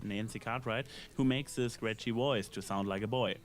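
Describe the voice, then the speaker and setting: A man reading a scripted episode review in a measured, analytical way, with dry asides. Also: mid-range voice, steady tone, slight background noise. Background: faint background music.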